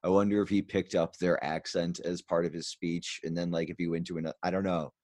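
A man's voice: deep voice, little pitch movement, a little fast, darkish tone, no echo, studio quality. A man hosting a podcast in casual conversation, rambling with frequent restarts and fillers. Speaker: podcast host.

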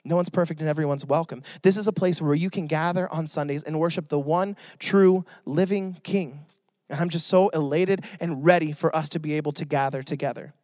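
High-voiced young pastor, joking sermon. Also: male voice, fairly quick, darkish tone, no echo. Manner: joking, conversational.

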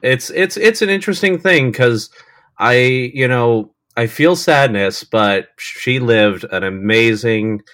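A man co-hosting a casual podcast, talking in an earnest, halting way with frequent restarts. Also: mid-range voice, fairly bright tone, dry recording, studio quality. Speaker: podcast co-host. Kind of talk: casual chat.

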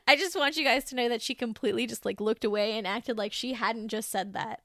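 A woman's voice: on the high side, fairly quick, hardly any pauses, fairly bright tone, no room sound, clean studio sound. A woman co-hosting a podcast in casual chat, teasing and chatty, laughing often. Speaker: podcast co-host.

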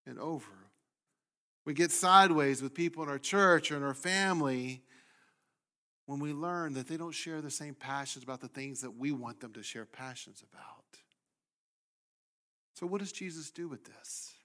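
A male pastor preaching a sermon, swinging from loud emphasis down to hushed, near-whispered lines. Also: a little high, normal speed.

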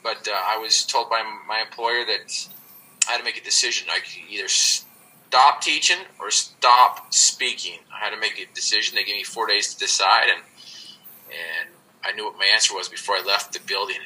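A podcast guest tells his story conversationally, earnest and reflective, restarting often. His voice is fairly low, pushed and bright at a normal speed, and the recording quality is poor.

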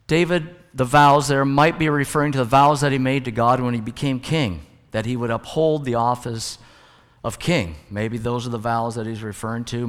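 A male pastor preaching a sermon in a church sanctuary, his mid-pitched voice carrying a long hall reverb. He talks in a relaxed, conversational way from the pulpit and mixes in humorous stories.

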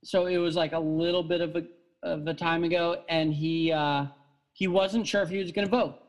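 Man with a high voice, casual storyteller who rambles and restarts often. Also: steady tone, normal speed, rough recording. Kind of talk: casual chat.

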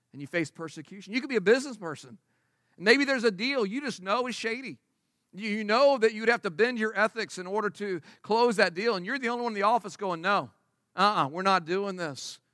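A high-pitched, bright-toned man delivers a sermon from the pulpit during a church service. He preaches emphatically but conversationally, leaning on rhetorical questions. His voice comes through close and dry. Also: fairly quick, no echo. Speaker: pastor. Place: church service before a congregation.

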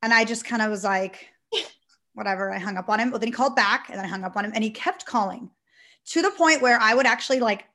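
A woman with a somewhat high voice talks through her experiences in a casual conversation. She is animated and loose, dropping "like" into nearly every line as she tells her story. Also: fast talker. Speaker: salon owner, guest.

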